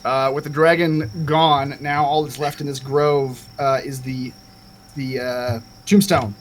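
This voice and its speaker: A man's voice: medium pitch, little pitch movement, unhurried, a little hiss or hum. A man running a tabletop game as game master, narrating with frequent hesitations.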